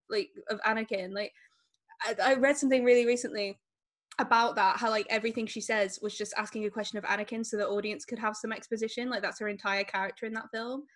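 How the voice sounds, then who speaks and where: A woman talking casually about a film, excited and chatty. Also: fairly high pitch. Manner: excited, laughing often, chatty.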